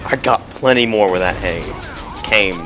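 A man giving comic commentary over his own gameplay, swinging from mumbling asides to sudden loud excited shouts. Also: fairly low pitch, normal speed. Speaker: gaming commentator. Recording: loud game music and gunfire behind.

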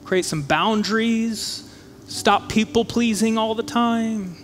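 A man with a high, light voice preaching in a conversational, animated way, slipping into quick acted-out asides. The sound carries the long reverb of a church hall, and soft music plays faintly behind him. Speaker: pastor. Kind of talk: sermon. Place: church auditorium.

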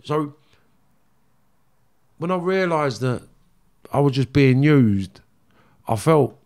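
A man's voice: a little high, animated, takes it slowly, a little mellow. A middle-aged man with a London accent, a former gangster speaking as an interview guest, blunt, emotional and swearing freely as he tells his story.

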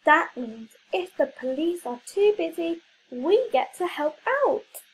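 A woman's voice: very high voice, takes it slowly, pitched above the performer's own voice, exaggerated voice, poor audio. A woman voicing an eager, earnest young superhero girl in a children's story. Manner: excited and earnest.

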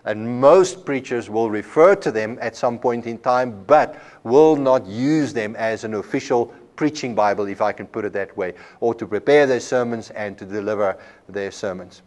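A man lecturing at a Bible college in an unhurried, mid-pitched voice. He explains ideas with homely examples and often repeats a word as he restarts a phrase. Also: darkish tone. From South Africa. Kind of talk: classroom lecture.

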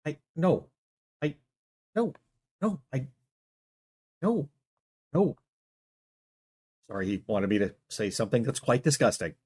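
A man's voice: medium pitch, big pitch swings, slow pace, pauses often, slightly rough. Flustered stammering male comedy host. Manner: exasperated, stammering, bursts into yelling. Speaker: show host. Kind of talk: comic monologue arguing with a silent sidekick.

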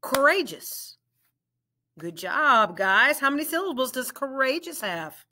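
A woman teacher leading a children's reading lesson, drawing out each word slowly and praising the learners warmly. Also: high voice, big pitch swings, a little hiss or hum. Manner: slow, drawn-out word drills with encouraging praise.

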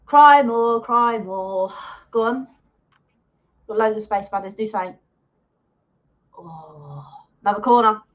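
A woman hosting a live watch-along of a match, excitable and swearing as she heckles the players and the referee. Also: medium pitch, unhurried, pauses often. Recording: dull lo-fi sound.

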